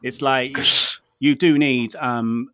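An English man from the Midlands, talking in a loose, rambling way, full of "um"s and restarts. His voice sits at an ordinary middle pitch, and the recording is dry and close with no room sound. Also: fairly even intonation, slow, clean tone, no echo. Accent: English, lived in London. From England, near Birmingham. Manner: rambling, self-deprecating, many fillers and restarts. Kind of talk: casual chat.

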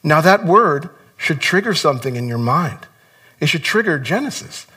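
A man's voice: fairly high pitch, big pitch swings, normal speed, pushed and bright, breathy edge. A man preaching a sermon as pastor to his congregation, earnest and exhorting, often repeating words as he stresses a point. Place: church sanctuary.

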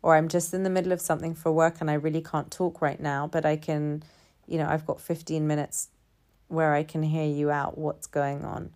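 A woman with a notably deep, low voice talks through a personal reflection. Her delivery is calm and measured, and she stacks her points in repeated phrases.

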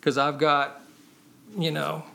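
A man's voice: a little high, completely flat delivery, takes it slowly, vocal fry, pushed and bright. A man sharing his personal testimony as a podcast guest, earnest and conversational, often adding "man" and "you know.".

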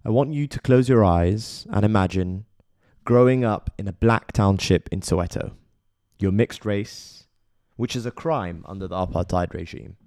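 A man reading scripted biographical narration in a measured way, speaking straight to the listener. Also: on the low side, darkish tone, no echo, clean studio sound. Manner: measured, addresses listener directly. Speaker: documentary narrator.

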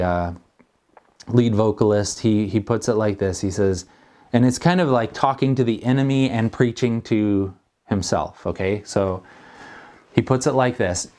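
Middle-aged male pastor, low-pitched, earnest and conversational, preaching a sermon. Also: a little mellow.

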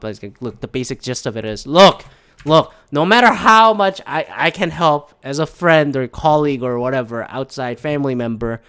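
Profane rambling man, slightly high voice. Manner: rambling, profane, animated, self-talking asides. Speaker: podcast host. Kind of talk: casual solo podcast monologue.

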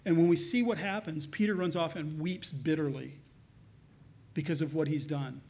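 High-voiced man preaching a sermon. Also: normal speed, gravelly. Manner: earnest, swings between loud emphasis and soft hushed lines. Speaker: pastor.

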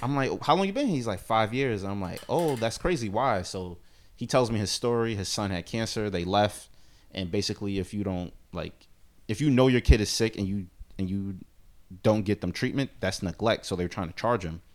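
Low-voiced man telling a story. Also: normal speed, a little mellow. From United States. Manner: laid-back storyteller, slang-heavy. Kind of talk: casual storytelling chat.

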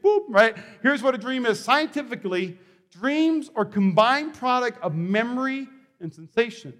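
A man with a strikingly high voice preaches a sermon, spinning animated stories and stumbling over repeated words as he restarts. His voice rings out with a long reverb from the hall around him. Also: normal speed. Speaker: pastor.

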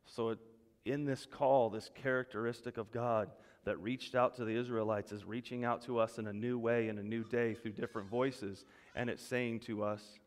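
Male pastor, mid pitch, emphatic preaching in a church hall with long reverb. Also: normal speed. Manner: animated preaching, rising loud when voicing God's words. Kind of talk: sermon.

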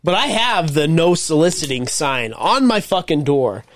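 A man's voice: on the high side, big pitch swings, normal speed, slight background noise. A man co-hosting a podcast in a casual chat, wry and swearing often as he gripes. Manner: wry, swearing, laughs at stories. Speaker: podcast co-host.

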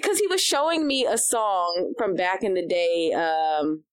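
A woman co-hosting a casual chat show, spinning an animated story. She swears freely, laughs often and slips into other people's voices as she quotes them. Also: lowish voice, a little slow, smooth.

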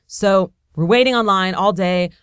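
Excitable woman storyteller with a smooth, dry voice. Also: mid-range voice, moderate pace, no room sound. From Buffalo, New York, USA. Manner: excitable, breathless delivery, acts out quoted voices. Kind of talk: live personal storytelling.

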